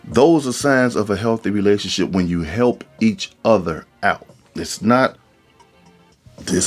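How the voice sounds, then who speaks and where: A man holds forth on a podcast, casual but preachy. He swings his pitch widely, slipping into voices to act out quotes. Faint music plays quietly behind him. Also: expressive, moderate pace. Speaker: podcast host. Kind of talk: casual monologue.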